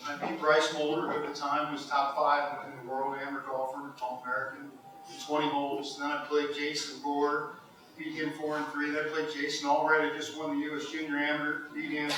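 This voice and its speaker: A man's voice: on the high side, brisk, slight background noise. A middle-aged man from Ohio giving an induction speech, telling his stories with animation and frequent laughter. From Cincinnati, Ohio. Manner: animated storyteller, laughs often. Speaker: golf hall of fame inductee. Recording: echoey hall, mic far off.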